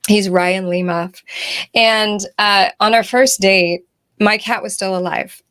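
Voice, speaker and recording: A woman guest on an interview show, telling a personal story in an animated way, acting out the dialogue and laughing often. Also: medium pitch, slow, clean tone. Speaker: guest author and spiritual healer.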